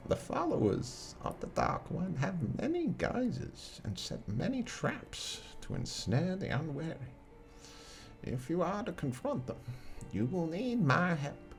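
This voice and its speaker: A man putting on a croaky old voodoo wise woman. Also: on the high side, pitched above the performer's own voice, exaggerated voice. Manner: slow measured cadence.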